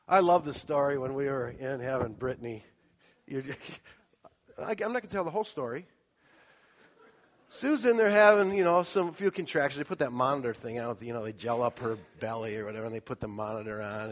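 A middle-aged man preaching a sermon, telling a personal story and acting out scenes with sudden shouts and asides. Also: medium pitch. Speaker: pastor. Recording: long hall reverb.

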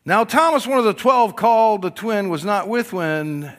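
In a high-pitched voice at a moderate pace, a middle-aged pastor tells a sermon story. He acts out voices, and his lively delivery rises loud and drops to a hush.

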